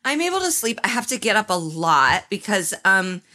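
Bright-voiced woman podcast host. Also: mid-range voice, big pitch swings, normal speed. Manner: rambling, self-deprecating, laughs often. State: heavily pregnant. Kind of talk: casual comedic chat.

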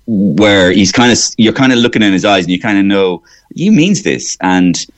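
Low-voiced Irish man telling anecdotes. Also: lively intonation, normal speed. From Ireland. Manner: rambling, anecdotal, slips into character voices. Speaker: comedian and impressionist. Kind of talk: radio interview chat.

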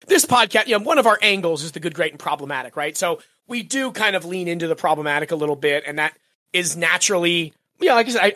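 A man co-hosting a podcast, talking in animated, rambling casual chat and laughing often. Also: sits high, dry recording, studio quality. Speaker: podcast co-host.

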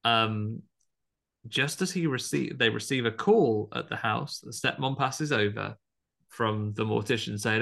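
A man chats through a horror film's plot as a podcast co-host, his voice gravelly with fry at the ends of phrases. His tone is bright and forward, and he slips into quick put-on voices for the characters. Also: mid-range voice. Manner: chatty, acts out quoted lines with bursts of voices. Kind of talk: casual chat recapping a film.

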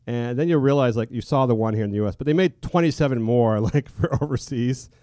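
Male podcast host, rapid rambling banter, dark dry voice, laughs a lot. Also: medium pitch, no echo. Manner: rambling, laughs often, swears casually.

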